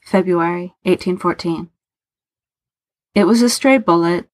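A woman reading a story aloud in a steady, measured narration. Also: fairly low pitch, dry recording. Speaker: audiobook narrator.

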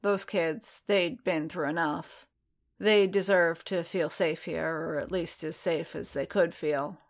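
A tired, troubled armored warrior speaks in a storybook reading, voiced by a woman. His lines come slow and subdued, low and measured, with no swagger left in him. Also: steady tone. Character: weary male armored warrior, conflicted and quiet.

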